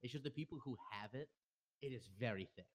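A man from New Jersey jumps into the conversation with quick, short remarks. He talks fast at an ordinary middle pitch. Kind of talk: casual chat.

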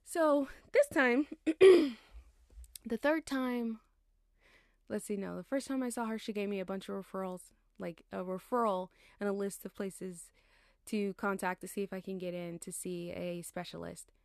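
A woman's voice: mid-range voice, a little slow, gravelly, darkish tone, no room sound, studio quality. A young woman in her twenties rambling casually and tiredly about her life, chatty and slangy, laughing as she digresses. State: tired, yawning. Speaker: podcast host.

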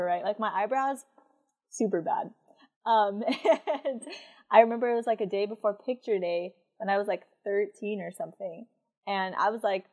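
A woman's voice: medium pitch, normal speed. A young woman telling a personal story in casual chat, with lots of fillers and frequent laughter.

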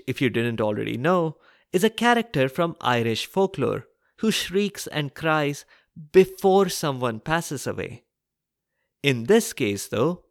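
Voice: medium pitch, no room sound, clean studio sound. A podcast host narrating a folk tale with wry, chatty asides to listeners. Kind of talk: storytelling narration.

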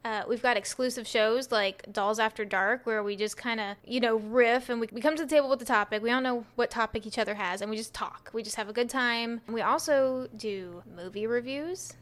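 A woman co-hosting a podcast, relaxed and joking in casual chat. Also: on the high side, brisk, few pauses. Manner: easygoing, joking. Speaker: podcast co-host.

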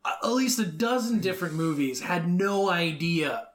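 A man's voice: sits high, lively intonation, moderate pace. A man co-hosting a casual podcast chat, blunt and playfully argumentative, swearing as he talks.

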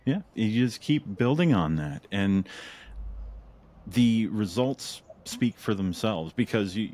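Low-voiced male podcast host, chatty. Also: lively intonation, a little mellow. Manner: chatty, acts out his own thoughts in quick asides, laughs often. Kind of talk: casual interview chat.

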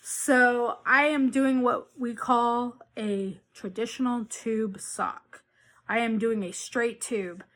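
A woman's voice: on the high side, fairly bright tone. A woman hosting a knitting podcast, chatting casually and rambling with frequent restarts and self-corrections. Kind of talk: casual chat.

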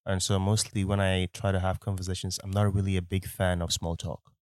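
A man's voice: low-pitched, flat delivery, a little fast, darkish tone, no room sound, studio quality. A man from Nigeria with a Nigerian accent, co-hosting a podcast in a laid-back, casual chat and laughing often, recorded on a bed in a caravan. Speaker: podcast co-host.

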